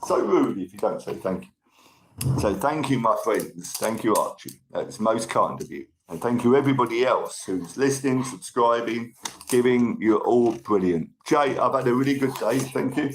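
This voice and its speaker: He hosts a casual livestream at a moderate pace, his mid-range voice lively in intonation as he reads comments and thanks viewers by name. A tickly cough interrupts him, and the low-quality recording carries a little hiss or hum.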